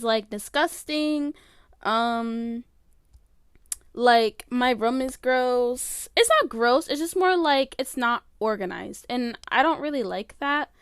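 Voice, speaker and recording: A woman's voice: sits high, fairly bright tone, clean tone, no echo, clean studio sound. A teenage girl hosting her own podcast, rambling casually with lots of fillers and open emotion. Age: late teens. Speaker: podcast host. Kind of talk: casual solo podcast chat. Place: her bedroom.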